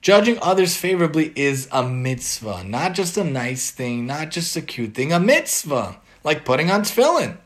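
A man's voice: fairly high pitch, big pitch swings, normal speed, hardly any pauses, fairly bright tone. A man earnestly giving a religious moral lesson and reading a story aloud. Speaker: religious teacher.

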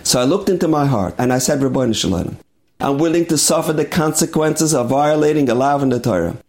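A man voicing an earnest young rabbi explaining himself slowly and from the heart. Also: a little high, darkish tone, natural voice. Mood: heartfelt. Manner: slow, heartfelt.

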